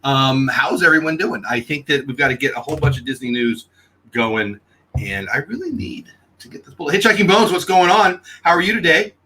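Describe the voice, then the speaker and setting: A man's voice: on the high side, lively intonation, a little fast, pushed and bright, husky, poor audio. A man hosting a casual morning livestream, talking nonstop and greeting viewers in the chat by name. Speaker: host of a daily news livestream.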